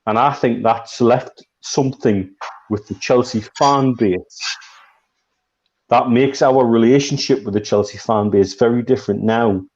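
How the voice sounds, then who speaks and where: A man giving his view in casual chat, measured, often repeating small words. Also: mid-range voice, a little mellow, dull audio, a little hiss or hum. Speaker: podcast panelist.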